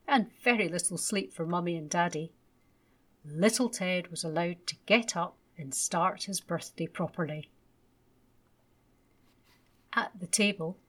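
A woman gently and expressively reading a children's bedtime story aloud. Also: lowish voice.

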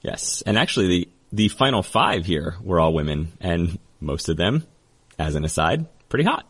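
A man hosting a podcast in a casual, chatty, joking way, full of quick asides. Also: low voice, lively intonation, fairly bright tone, slightly rough. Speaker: podcast host.

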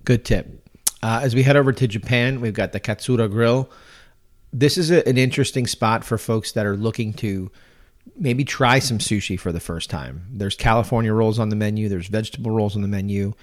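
Easygoing lower-voiced man host. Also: fairly quick. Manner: easygoing, chuckling, restarts phrases. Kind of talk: casual chat.

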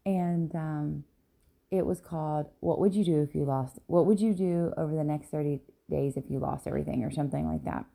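Speaking fairly quickly in a low, creaky, dark voice, this podcast host and business coach rambles a bit on her casual solo show. It's early morning, so she's tired and yawns, filling her candid talk with ums and tagging lines with "right?"

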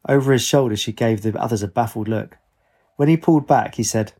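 A man narrates a story in an even, measured reading voice. His pitch sits in the middle range for a man.

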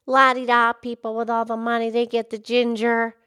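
A bubbly little pig girl hosting a kids' podcast, voiced by a woman, all squeaky sing-song chatter. Her voice sits up high and bounces with excitement as she chats with her co-host. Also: normal speed, smooth. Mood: cheerful. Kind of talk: in-character kids' podcast chat.

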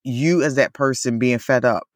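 A woman's voice: extremely low pitch, normal speed, no echo, studio quality. A woman co-hosting a podcast in casual chat, full of "like" and "you know", laughing often. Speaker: podcast co-host.

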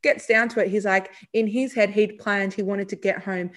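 A woman's voice: medium pitch, fairly even intonation, moderate pace. A woman hosting a podcast as a psychologist, talking in a chatty, casual way, full of fillers and restarts.

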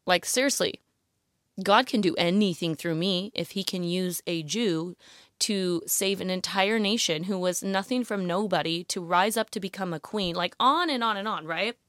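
Animated woman teaching the Bible. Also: fairly low pitch, moderate pace, no room sound, clean studio sound. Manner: animated and emotional, often saying "you guys" and "like, literally". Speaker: Bible teacher addressing women listeners. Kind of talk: casual Bible teaching podcast.

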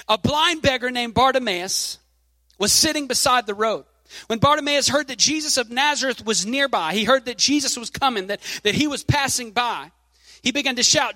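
High, bright-voiced emphatic male preacher. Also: no echo, big-room sound. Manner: reads scripture aloud, leans hard on key phrases, emphatic. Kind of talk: sermon.

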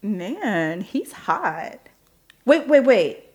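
A woman's voice: medium pitch, sing-song, drawn-out words, a little mellow. An actress playing a cautious young adult daughter who keeps objecting to her sister's risky plans. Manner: anxious, objecting. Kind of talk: film drama acting.

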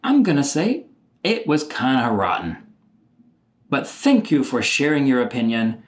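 A middle-aged man recounts a story from his own life, his voice swinging widely in pitch as he goes. He sounds exasperated and animated, and he now and then slips into impressions of the people involved. He speaks at a moderate, mid-range pitch. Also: measured pace. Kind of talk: personal storytelling monologue.

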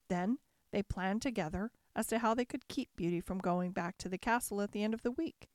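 A woman narrating a classic fairy tale as a calm, measured bedtime story. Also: mid-range voice, no echo, studio quality.

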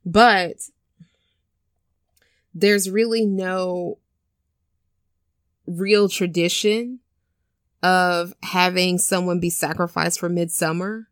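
A woman's voice: lowish voice, fairly even intonation, extremely slow, long pauses, clear, resonant tone, no echo, clean studio sound. A woman hosting a casual podcast chat, animatedly retelling a film's plot and acting out the characters' lines with cursing and laughter. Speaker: podcast co-host retelling a film.

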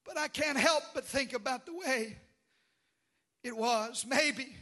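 A man preaching a sermon with passion, swinging from drawn-out shouted phrases to hushed, quiet lines. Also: very high voice. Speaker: pastor.

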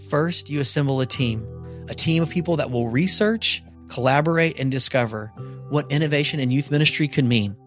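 A man narrating a podcast in a measured, earnest scripted style on a close mic. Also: medium pitch. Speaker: podcast host.

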